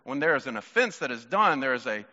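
A man preaching a sermon in an animated, playful way, talking with the congregation. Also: mid-range voice, fast talker, in a large hall, dull audio. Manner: animated, playful, talks to the crowd.

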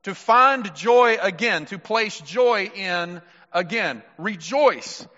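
Male pastor, sermon, slightly high voice, muffled recording. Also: expressive, takes it slowly, sharp tone. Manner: emphatic, addresses mothers directly. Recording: muffled sound with long hall reverb.

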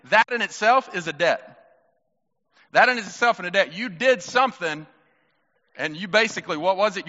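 Male preacher, animated and joking with the crowd, slightly dull hall sound. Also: high-pitched. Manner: animated, playful, talks to the crowd. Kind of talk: sermon.

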